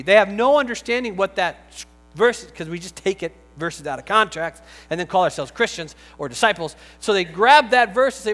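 Male pastor, high voice, chatty and humorous sermon with forceful emphasis; long hall reverb, faint music bed. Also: expressive, fairly quick. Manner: conversational and joking, with emphatic bursts.

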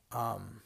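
Here the male podcast host sounds mid-range, creaky and husky with a slightly bright edge. He reads listener stories in a loose, wandering way, full of fillers and asides, and breaks into laughter often.

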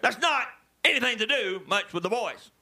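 High-voiced, bright preacher man. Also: animated, normal speed. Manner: swings from low murmurs to loud shouted exhortations; calls out to the congregation. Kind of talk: sermon.

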